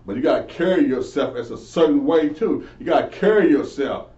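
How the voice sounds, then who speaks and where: A man's voice: medium pitch, lively intonation, fairly quick, mellow. A man giving an informal Bible lesson, earnestly preaching and asking questions he then answers himself. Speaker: Bible teacher. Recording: echoey, distant, dull lo-fi.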